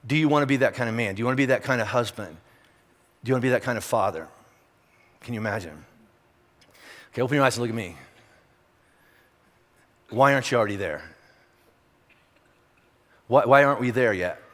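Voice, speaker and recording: Speaking at medium pitch with a fairly bright tone, this pastor moves a little fast but leaves long pauses as he addresses his congregation in a direct, conversational sermon full of rhetorical questions. The recording carries the long echo of a big church hall.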